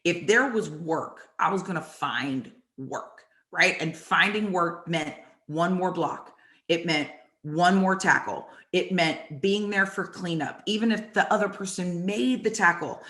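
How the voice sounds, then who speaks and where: A woman hosting and telling animated stories about her football days, acting out the lines people said. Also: on the low side, unhurried. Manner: animated, acts out quotes from the story. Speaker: host and former football player. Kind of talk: storytelling chat. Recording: echoey room.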